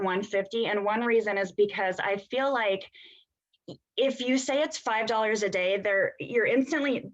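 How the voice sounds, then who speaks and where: A woman's voice: mid-range voice, fairly bright tone. Chatty woman on a dull video call. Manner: chatty, laughs easily, many fillers. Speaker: co-host. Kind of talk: casual sales coaching on video call.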